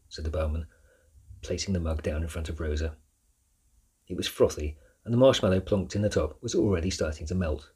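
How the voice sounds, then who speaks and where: A man narrating a children's fantasy book with a steady storytelling manner. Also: low-pitched, brisk, husky. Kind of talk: audiobook narration.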